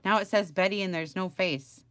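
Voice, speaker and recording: A woman's voice: medium pitch, normal speed, no room sound. A middle-aged woman chatting casually on a home crafting livestream, rambling and greeting viewers by name.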